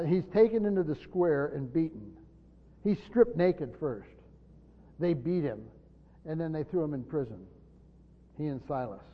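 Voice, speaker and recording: A man teaches a Bible passage from a church pulpit, stumbling over his words and then pressing hard on the points he wants to land. His voice sits high. The recording sounds dull and muffled, with a long reverb trailing off the hall walls. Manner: stumbling restarts, emphatic rises on key points. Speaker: pastor.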